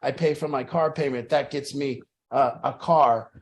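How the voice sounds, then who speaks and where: A man's voice: medium pitch, normal speed. A man leading a support group, talking emphatically, repeating key phrases with restarts and the odd swear word. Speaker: group leader. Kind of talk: motivational group talk.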